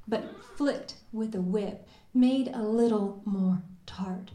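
A woman from recites her poetry at a very unhurried pace. She lingers on each word, and her voice sits slightly high. The recording rings with the echo of the room. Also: expressive, mellow. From Kentucky. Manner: measured, deliberate, lingering on words. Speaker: poet. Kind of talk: spoken word poetry performance. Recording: echoey room.

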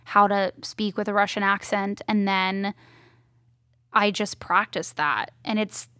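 A woman filmmaker chatting in an interview, telling stories in a lively, talkative way. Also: mid-range voice, unhurried, no echo, clean studio sound. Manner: chatty, animated storytelling. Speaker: indie filmmaker guest. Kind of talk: casual interview chat.

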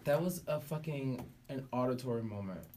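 Male host, casual chat, cursing, emphatic, mid-pitched voice. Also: animated, darkish tone, a little hiss or hum. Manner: profane, emphatic, rapid storytelling.

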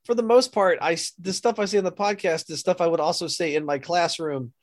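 A man's voice: sits high, fairly even intonation, brisk, no room sound, clean studio sound. A man who is a teacher co-hosting a podcast, talking in a rambling way with many restarts. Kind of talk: casual chat.

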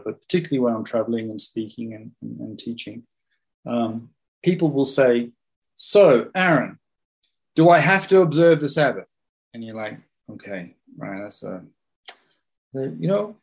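A man's voice: medium pitch, darkish tone, poor audio. Guy hosting a talk, rambly storyteller, keeps repeating himself. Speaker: host. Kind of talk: casual discussion, teaching.

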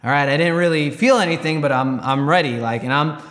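A man's voice: on the high side, brisk, fairly bright tone, big-room sound. A man giving a candid personal testimony, rambling and restarting as he recounts events. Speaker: Christian storyteller.

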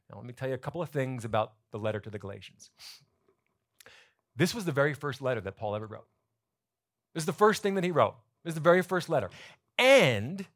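In a church sanctuary, a pastor preaches to his congregation, explaining scripture in a lively, conversational teaching style. His voice sits in the mid range.

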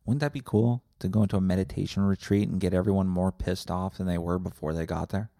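A man's voice: sits low, steady tone, fast talker, creaky, mellow, no echo, studio quality. A man hosting a solo podcast, rambling and ranting sarcastically with lots of swearing and self-interruptions. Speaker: podcast host.

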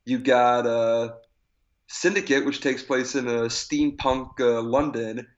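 A man's voice: medium pitch, steady tone, slow pace. A man talking casually as a co-host, rambling along with lots of fillers and restarts. His voice sits mid-range, and he laughs easily. The recording is slightly dull and lo-fi. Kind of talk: casual chat.

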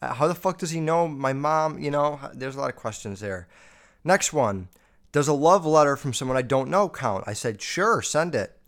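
A man's voice: fairly high pitch, normal speed. A man hosting a show, reading listener messages and riffing on them with constant swearing. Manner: profane, animated, riffing. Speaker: podcast host.

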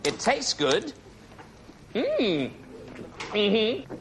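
A brash fake-British huckster. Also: male voice, wildly swooping pitch, very slow, a little hiss or hum, heavily acted. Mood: hammy pitch. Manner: loud hard-selling pitch, slurps and hams it up. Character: brash bumbling male salesman faking a British accent. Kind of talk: TV comedy scene.

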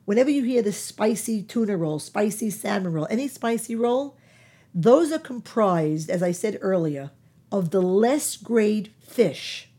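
A woman's voice: mid-range voice, lively intonation, measured pace, warm tone, husky. A woman giving informal nutrition advice, emphatic, repeating key words and using many fillers. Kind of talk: informal health talk.

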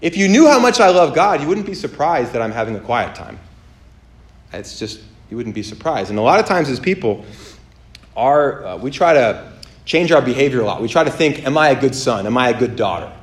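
A man preaching on a podcast, telling stories with lively acted-out voices and many fillers. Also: fairly quick, roomy sound. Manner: animated storytelling, acts out voices with big pitch jumps. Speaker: pastor. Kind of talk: sermon on a podcast.

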